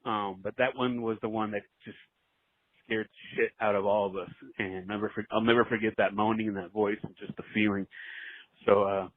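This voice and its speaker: Caller, man in his forties, earnest halting storyteller, tinny phone line. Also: lowish voice, steady tone, dry recording. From Southern California. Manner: earnest, halting, many fillers. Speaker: voicemail caller. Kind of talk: storytelling voicemail.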